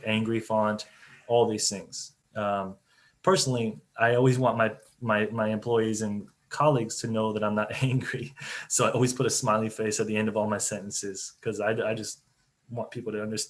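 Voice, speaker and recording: Chatty man on a webinar call. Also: on the low side. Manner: chatty, loose, many fillers and restarts. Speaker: company CEO on a webinar panel. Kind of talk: casual webinar talk.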